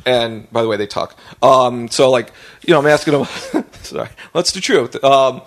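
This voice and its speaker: A man's voice: medium pitch, lively intonation, moderate pace. A man who is a comedian and podcast co-host, telling a long story in a casual way that is rambling and profane, full of fillers and restarts.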